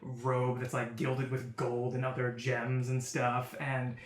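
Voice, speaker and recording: A man's voice: mid-range voice, takes it slowly. Laid-back man running a tabletop game. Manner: laughs often, relaxed and chatty. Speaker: dungeon master. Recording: roomy echo.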